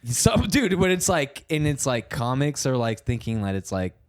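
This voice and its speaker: A man's voice: medium pitch, very animated, moderate pace, no room sound, studio quality. A young man who co-hosts a casual comedy podcast. He rambles, restarts his sentences and laughs often.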